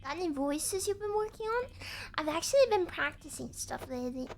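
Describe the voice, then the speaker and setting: A woman's voice: very high voice, lively intonation, brisk, slight background noise. A woman streaming a game, chatting in a playful, goofy way and bantering with her chat. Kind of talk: casual gaming stream chat.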